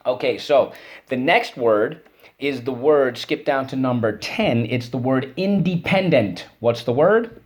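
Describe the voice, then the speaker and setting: A man's voice: medium pitch, animated, unhurried. A man teaching a spelling and phonics lesson, encouraging and repeating each word for students to say back.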